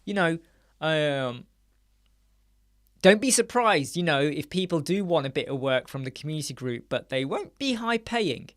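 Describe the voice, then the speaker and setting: A man's voice: expressive, moderate pace. Chatty, blunt man hosting a live chat. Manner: chatty and blunt, mimics people in a higher voice. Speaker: live-stream host answering chat questions. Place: home studio.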